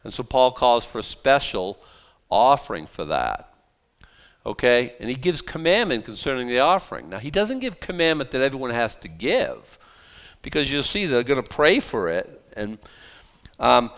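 Man, pastor, conversational sermon, joking asides, smooth resonant voice. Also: medium pitch, very animated, moderate pace, fairly bright tone. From South Boston. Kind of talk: verse-by-verse sermon.

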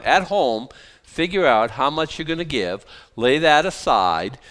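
Joking pastor, smooth voice. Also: male voice, fairly high pitch, expressive, unhurried, a bit bright. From South Boston. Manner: conversational, joking asides, frequent restarts. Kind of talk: verse-by-verse sermon.

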